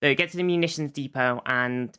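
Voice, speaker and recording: A man with a bright, crisp voice talks through a story recap in loose podcast chat. He rambles, restarts and fills gaps with "um" and "like", and swears now and then. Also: mid-range voice, a little fast. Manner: rambling, filler-heavy, swears casually. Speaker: podcast co-host recapping an episode.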